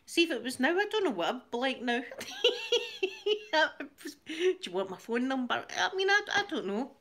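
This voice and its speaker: A woman's voice: sits high, very animated, fast talker, fairly bright tone. A Scottish woman hosting her channel, telling a rambling story in casual chat, laughing often and repeating words as she goes. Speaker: channel host.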